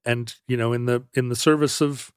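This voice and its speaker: A man in middle range co-hosts a podcast, telling a history tale in a casual, meandering way. He pauses, restarts and hedges often, with a wry turn. The sound is dry and close, with no room around it. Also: medium pitch, steady tone, clear, resonant tone, no room sound. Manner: halting, many restarts and fillers, wry. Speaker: podcast co-host. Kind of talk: casual conversational storytelling.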